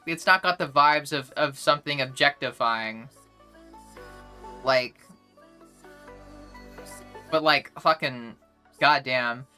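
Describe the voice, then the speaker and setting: A woman's voice: fairly low pitch, bright, forceful tone. A young woman streamer chatting casually with her chat, rambling and blunt, swearing often and full of fillers and restarts.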